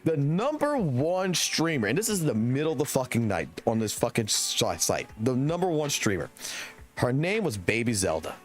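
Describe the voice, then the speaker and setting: A man's voice: mid-range voice, sing-song, normal speed, faint music behind. A man in his twenties telling a rambling, profane anecdote on his live stream, laughing as he goes. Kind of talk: casual storytelling on a live stream.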